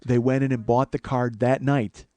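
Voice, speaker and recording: A man's voice: medium pitch, level tone, normal speed, darkish tone. A man hosting a comedy podcast, telling a long rambling story with plenty of swearing and restarts. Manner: profane, rambling, self-interrupting. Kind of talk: casual storytelling monologue.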